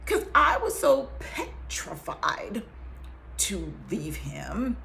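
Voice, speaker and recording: A woman's voice: fairly high pitch, sing-song, slow, vocal fry, very noisy. A woman giving an earnest faith-based talk, emphatic, dropping into whispers and laughing between phrases. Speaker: survivor sharing testimony.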